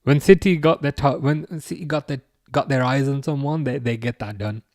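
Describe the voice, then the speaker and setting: In dry, studio-quality audio, a man with a medium-pitched, somewhat mellow voice speaks at a moderate pace. He hosts a football watch-along live stream, loosely chatting and replying to viewers' comments. His casual talk wanders, with plenty of restarts.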